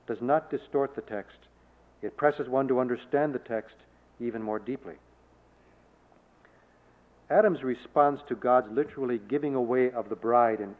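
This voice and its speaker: A man preaching a measured sermon, rising to emphatic declarations in quoted scripture. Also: medium pitch. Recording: tinny phone-like sound.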